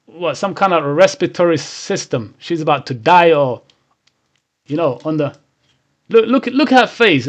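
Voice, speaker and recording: A man with a rather high-pitched voice talks straight to his viewers as the host of his own channel. He preaches emphatically, repeats himself and restarts his sentences. Now and then he acts out what someone else might say. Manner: emphatic, preachy, with frequent restarts and acted-out quotes. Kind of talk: casual monologue to camera.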